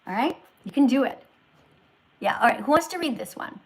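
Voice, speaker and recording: High-voiced woman hosting a livestream in a teacher role; moralizing, scolding lecture. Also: expressive, brisk, husky, poor audio. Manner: scolding, moralizing, swings loud to soft. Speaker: livestream host posing as a teacher.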